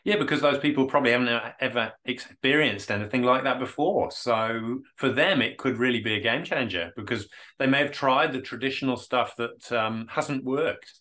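A man hosts a casual podcast interview. His voice sits at a middle pitch with a bright tone. He talks things through thoughtfully and often chimes in to agree. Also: normal speed, hardly any pauses. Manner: reflective, agreeable, many backchannels. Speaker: podcast host.

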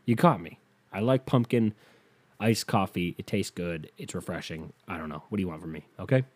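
A man's voice: low voice, a little fast, husky. A young man ranting to camera in a casual comedic monologue, swearing freely and acting out the people he quotes. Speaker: comedic vlogger.

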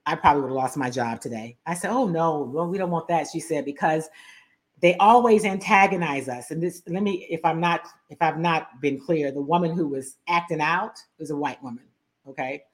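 A middle-aged woman hosting a talk show, telling a story with lively, animated delivery and acting out both sides of a quarrel. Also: low-pitched, moderate pace. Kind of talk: storytelling commentary.

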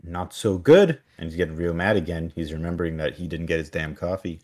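A man's voice: low-pitched, flat delivery, fast. A man co-hosting a podcast, casually recapping an episode and animatedly acting out the characters' lines. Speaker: podcast co-host.

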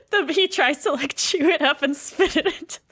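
A woman's voice: very high-pitched, normal speed, fairly bright tone. A woman co-hosting a podcast, laughing easily and steering the comedy plan. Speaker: podcast co-host. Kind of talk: casual comedy brainstorming.

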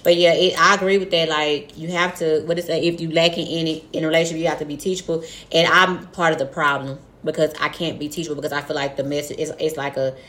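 A young woman talking frankly and profanely in a casual chat, acting out quoted lines with animated storytelling. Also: low voice, fast talker, few pauses.

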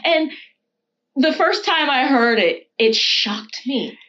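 A woman's voice: sits high, animated, takes it slowly, sharp tone, lo-fi sound. A woman from the United States, a guest in a casual conversation, speaking thoughtfully with plenty of "you know" and "um".

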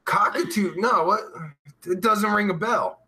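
A man's voice: sits high, a little slow, pushed and bright, a little hiss or hum. A man hosting a talk show, reading chat aloud and trading crude, profane jokes with lots of mocking laughter. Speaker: podcast host reading live chat. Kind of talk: crude casual banter.

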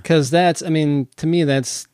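A man's voice: on the high side, fairly even intonation, a little slow, darkish tone, smooth, no room sound, studio quality. A man hosting a podcast, chatting casually and enthusiastically about bands and albums, with a rambling manner. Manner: enthusiastic, rambling music fan. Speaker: podcast host. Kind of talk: casual music chat.

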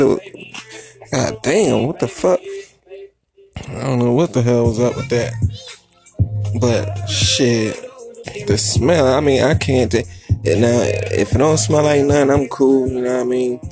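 Gravelly-voiced man, loose profane comic storyteller, mid pitch, light music under him. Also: measured pace, pauses often, a little mellow. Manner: rambling, repetitive, swearing, frequent "you know what I mean". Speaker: comedian.

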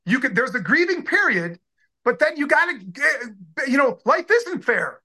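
A man in his sixties recalls his playing days in a casual interview. His voice is bright and forceful. He talks in eager bursts, breaking off and restarting his sentences. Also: extremely high pitch, moderate pace. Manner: excited, rambling, many restarts. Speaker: former pro football player, guest.

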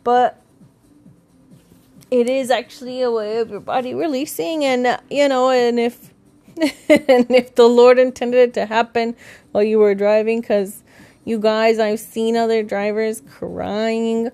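A woman's voice: a little high, fairly even intonation, measured pace, dark tone. A woman hosting her own podcast, a parent talking in a loose, rambling, chatty way, swearing freely and laughing at herself. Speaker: podcast host. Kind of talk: casual solo podcast chat.

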